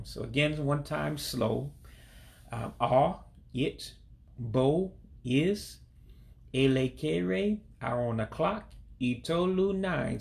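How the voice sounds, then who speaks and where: A man giving a casual spoken language lesson, patiently repeating each phrase slowly and then at speed. English is his first language, and he speaks from his home in Alabama. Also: mid-range voice, gravelly. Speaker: language learner teaching vocabulary.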